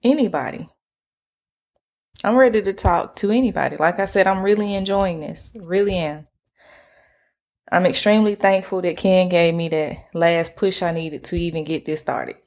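Solo podcast host, woman, a bit low-pitched, monotone and easygoing, swears freely. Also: normal speed. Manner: self-described monotone delivery; relaxed, slangy, swears casually. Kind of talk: casual solo podcast chat.

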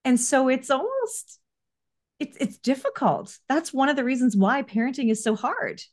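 A woman's voice: high voice, animated, normal speed. A woman hosting an interview, enthusiastic and emphatic, who talks in vivid hypotheticals. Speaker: podcast host, parent coach. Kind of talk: conversational interview.

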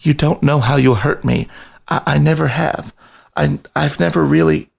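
A man voicing a timid young male rat in a storybook reading, pleading in a high, strained voice that cracks. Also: normal speed, gravelly, slightly rough, full character voice.

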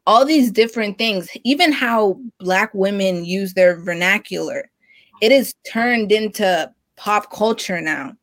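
Frank, emphatic woman in a discussion, mid-pitched, dry close sound. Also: a little slow, no echo, low-quality recording. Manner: frank and emphatic, with quoted asides. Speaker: discussion participant. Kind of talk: group discussion.

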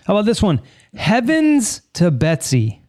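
A man's voice: sits high, huge pitch swings, unhurried, a little mellow, no echo, clean studio sound. A man co-hosting a casual podcast, joking and reading out listener comments. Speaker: podcast co-host.

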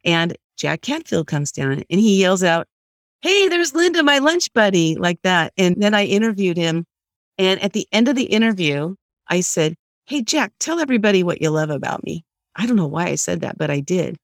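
A middle-aged woman tells a story as an interview guest. She talks in an animated way and puts on the voices of the people she quotes. The sound is dry and close, with no room echo. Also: on the low side, normal speed. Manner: lively storyteller who acts out quoted voices.

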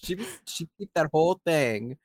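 Casting: co-host, animated casual chat, very lively pitch, dry sound. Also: moderate pace, no room sound. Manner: animated, acts out others' lines.

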